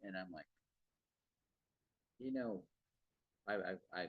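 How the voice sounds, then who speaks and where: Slow and low-voiced, this podcast host rambles casually about sales in a dry, dull lo-fi recording. He tends to repeat words and checks in with listeners using "okay" and "right".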